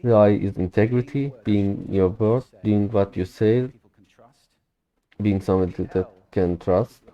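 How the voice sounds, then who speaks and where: A young man whose first language is Turkish, shadowing a recorded speech aloud in English, with careful, deliberate delivery and occasional slips. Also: on the low side, steady tone, highs cut off. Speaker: language learner.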